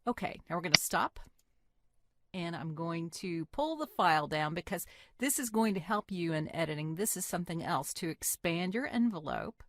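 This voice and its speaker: A woman teaching a software tutorial, explaining each step in a friendly, plain way into a desktop microphone. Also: lowish voice, normal speed, no room sound, studio quality. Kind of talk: screen-recorded software tutorial.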